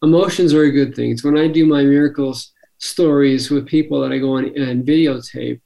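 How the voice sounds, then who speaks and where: A man co-hosting a spiritual podcast, earnest and affirming, quick to agree and speaking about following the spirit. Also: medium pitch, steady tone, vocal fry, dark tone, low-quality recording. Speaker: podcast co-host. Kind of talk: casual spiritual podcast chat.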